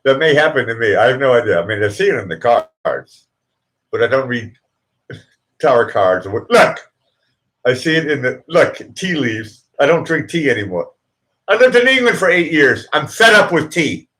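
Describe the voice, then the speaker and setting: A man's voice: medium pitch, very animated, moderate pace, fairly bright tone. A middle-aged man hosting a casual live stream, chatting with viewers in a rambling, self-interrupting way and chuckling at his own jokes. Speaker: livestream host.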